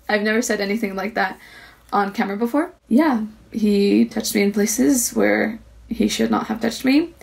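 A woman vlogger telling a personal story to camera, earnest and halting. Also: mid-range voice, vocal fry, a little mellow.

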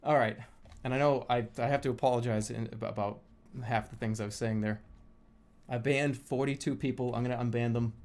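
A man's voice: medium pitch, fairly even intonation, a little fast. Swearing streamer man, theatrical rants. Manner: theatrical mock-angry ranting, lots of swearing, swings to loud outbursts. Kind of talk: casual live-stream chat while gaming. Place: home streaming setup, seated at a desk. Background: game music.

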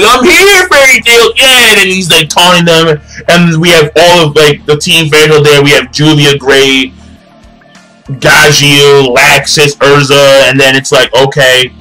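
An excitable young man rants through an anime review in a high, bright voice, swearing freely and tripping over his own restarts. Faint music plays behind him. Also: low-quality recording. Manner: excitable, profane, stammering restarts. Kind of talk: ranting video commentary.

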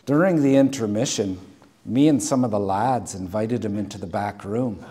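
A man's voice: fairly low pitch, moderate pace, background noise, natural voice. An American pastor quoting a big, blunt Irish father who tells a story in a matter-of-fact, sly way. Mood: deadpan.

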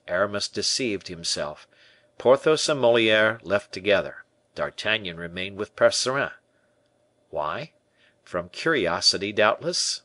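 A man narrating a classic adventure novel in an expressive audiobook reading. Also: on the low side, no room sound. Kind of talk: scripted narration.

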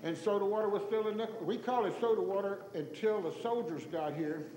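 A Texan man in his sixties telling folksy stories to an audience, animated and chuckling as he acts out the people in them. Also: sits high, a little fast. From Tyler, Texas. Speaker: storyteller giving an oral history. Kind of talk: folksy anecdotal talk to an audience. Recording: echoey hall recording with faint noise.

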